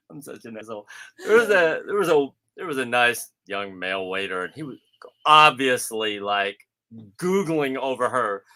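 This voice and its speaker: A man's voice: mid-range voice, a little slow, long pauses. A man chatting casually, teasing and joking, often acting out what people said. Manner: joking, teasing, self-mocking; quotes people in animated voices. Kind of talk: casual chat.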